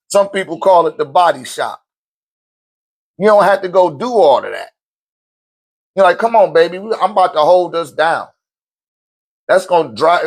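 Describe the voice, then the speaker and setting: A man with a notably high voice delivers an unscripted sermon-like monologue. He talks bluntly, swears freely and breaks into short laughs as he drives each point home to his viewers. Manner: addresses listeners directly with slang. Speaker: host of a spiritual talk channel.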